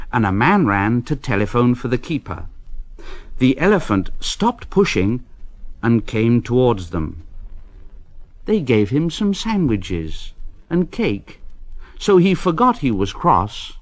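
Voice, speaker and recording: A man reading a children's storybook aloud in an expressive, unhurried way. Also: mid-range voice, no echo. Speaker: reader.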